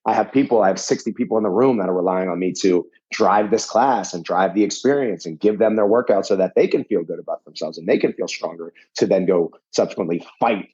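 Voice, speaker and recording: A man from Pittsburgh with a lowish, husky voice talks as a podcast guest, quick to joke and go off on tangents. His audio sounds a little dull and lo-fi. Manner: animated and joking, quick tangents and restarts. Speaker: podcast guest, boxing coach. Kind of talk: casual chat.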